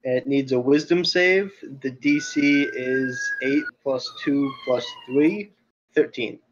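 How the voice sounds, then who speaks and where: Over internet voice chat, a man playing a tabletop game online chats casually, thinks aloud about the rules, and laughs often. His voice sits on the high side and moves slowly, and the lo-fi sound carries background noise.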